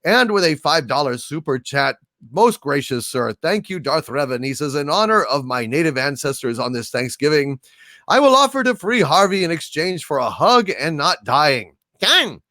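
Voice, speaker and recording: A man hosting a livestream, reading viewer messages aloud and answering them with grand mock-overlord greetings and many halting fillers. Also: on the high side, animated, sharp tone, no echo, clean studio sound. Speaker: livestream host reading super chats. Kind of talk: casual livestream chat.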